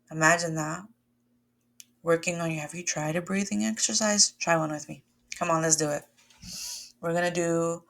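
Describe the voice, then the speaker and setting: A woman's voice: lowish voice, vocal fry, fairly bright tone. A woman wellness coach leading a guided breathwork lesson, talking to listeners in an encouraging, conversational way and calling them "my loves" and "y'all".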